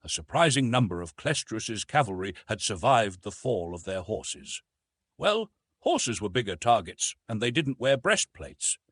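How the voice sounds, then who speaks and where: A man narrating a science fiction story aloud, in an animated storytelling manner. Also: a little slow, breathy edge, no room sound, studio quality. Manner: animated storytelling with lively rises in pitch. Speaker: audiobook narrator.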